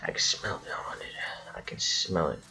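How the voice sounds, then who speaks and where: A man voicing a spooked male ghost hunter in a hushed whisper, as whispered role-play. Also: moderate pace. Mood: eerie.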